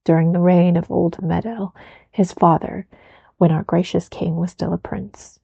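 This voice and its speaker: A woman voicing a stern, grumbling male castellan in a soft whispered role-play reading. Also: on the low side, level tone, unhurried, creaky, husky, no echo, muffled recording, heavily acted. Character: gruff wary male castellan, stern official.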